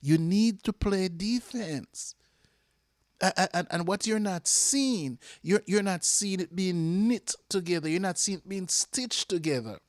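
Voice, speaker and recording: A Jamaican man hosting a fan channel, giving an impassioned match reaction that repeats itself and flares up before calming. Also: high voice, measured pace, dry recording, studio quality. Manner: impassioned, repeats himself, flares up then calms.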